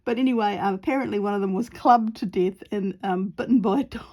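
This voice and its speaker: A woman's voice: medium pitch, lively intonation, a little fast, mellow. A middle-aged woman with a New Zealand accent chatting casually while she paints, rambling into giggly asides and muttering half to herself. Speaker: watercolor painting vlogger.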